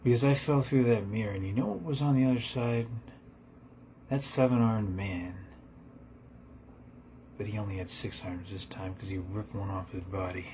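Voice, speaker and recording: A man narrates an absurd comic ghost story in a deadpan, rambling manner, at times dropping to a whisper. His voice sits low. A faint ambient hum stays under the recording. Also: moderate pace, pauses often.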